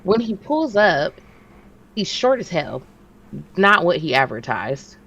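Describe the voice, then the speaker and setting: A woman in her thirties co-hosting a podcast, telling a story in casual chat and jumping her pitch to act out what others said. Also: slow pace, husky, highs cut off. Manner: animated, acts out quotes with big pitch jumps. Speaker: podcast co-host.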